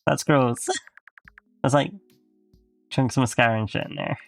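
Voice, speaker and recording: A man's voice: mid-range voice, a little slow, vocal fry, dry recording, soft background music. A man voicing a teary, self-conscious young man in a visual novel, bashful and apologetic. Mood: teasing. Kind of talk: reading a visual novel aloud.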